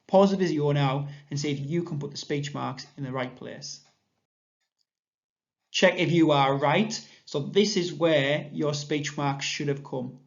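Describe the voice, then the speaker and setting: A man with an English accent, a primary school teacher giving a recorded grammar lesson, explaining patiently and clearly. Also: on the high side, moderate pace. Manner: clear, patient explanation, reading examples aloud with lifted voice. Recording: dull lo-fi sound.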